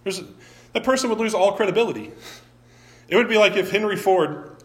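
Pastor, male, slightly high voice, chatty sermon delivery with frequent restarts, echoey church room. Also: brisk. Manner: conversational, often restarts words, quizzes the congregation. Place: church sanctuary.

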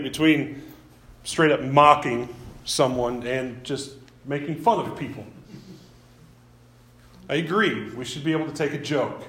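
A man teaching a Bible class in a relaxed, conversational way. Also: medium pitch. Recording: echoey room.

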